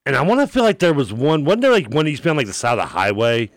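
A man's voice: medium pitch, sing-song, rapid-fire, no echo, clean studio sound. A man co-hosting a radio show in casual banter, rambling through memories and often laughing. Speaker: sports radio co-host. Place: radio studio.

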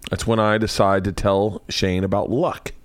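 A man's voice: lowish voice, level tone, moderate pace, no room sound. A man hosting his podcast, rambling in casual chat and often restarting his sentences. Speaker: podcast host.

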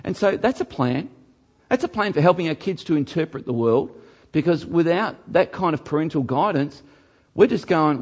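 A man's voice: fairly high pitch, lively intonation, normal speed, a little mellow. A middle-aged man preaching a sermon, earnest and emphatic, often repeating words for stress. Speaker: pastor.

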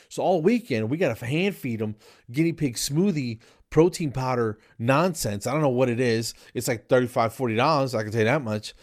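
A man's voice: medium pitch, fairly quick. Jersey guy telling a funny story, gets all worked up, keeps saying man and bro. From New Jersey. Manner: animated, exasperated, acts out dialogue, says "man" and "bro". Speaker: podcast host. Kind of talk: comic storytelling monologue.

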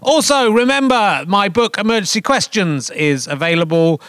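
A man's voice: sits high, expressive, moderate pace, fairly bright tone, smooth. A man in his fifties hosting a comic podcast live on a theatre stage, rambling and mocking himself with jokey asides. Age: 50s. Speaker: podcast host.

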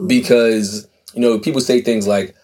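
Man, podcast host, easygoing chatter, laughs a lot, mid-pitched. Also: fairly even intonation, normal speed, a little mellow. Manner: loose, rambling, laughs often. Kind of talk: casual podcast chat.

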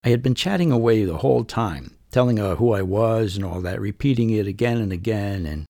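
A man's voice: fairly low pitch, fairly quick, warm tone, no echo, clean studio sound. A middle-aged man hosting a podcast, telling a first-person story in a wry, conversational way. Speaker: podcast host and narrator.

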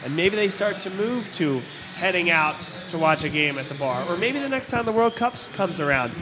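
A man's voice: sits high, moderate pace, low-quality recording. A man co-hosting a casual soccer talk show, telling stories and quoting other people. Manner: animated storyteller, quotes others in put-on voices. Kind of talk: casual sports chat.

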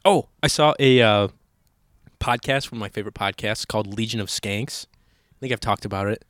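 A young man co-hosting a podcast in casual, rambling chat, crude and quick to laugh, recorded on a microphone in a restaurant. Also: on the low side, fairly bright tone, no room sound, studio quality. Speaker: podcast co-host. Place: public restaurant seating area.

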